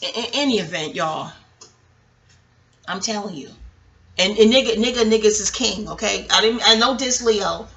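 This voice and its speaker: Bright-voiced woman telling stories casually. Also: medium pitch, moderate pace, pauses often, muffled recording. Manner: profane, digressive, talks straight to viewers. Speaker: vlogger. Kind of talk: casual rambling storytelling.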